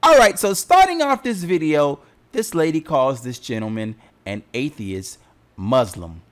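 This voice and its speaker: A man's voice: fairly high pitch, sing-song, a little slow. A man hosting a casual video commentary, talking in a bemused, conversational way. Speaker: host.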